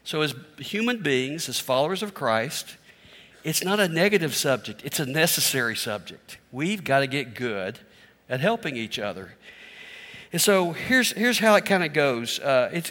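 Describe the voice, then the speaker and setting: A man's voice: fairly high pitch, fairly bright tone, in a large hall. A middle-aged male pastor preaching a sermon in a candid, self-deprecating, conversational way.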